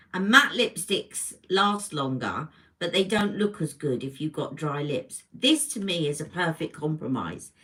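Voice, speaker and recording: A British woman talks unhurriedly as she does her makeup live from home, rambling between products and greeting viewers. Her voice sits a little low but has a bright, forward edge. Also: rough recording. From Britain. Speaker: beauty livestream host. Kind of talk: casual live makeup chat. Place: home room. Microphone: livestream camera mic.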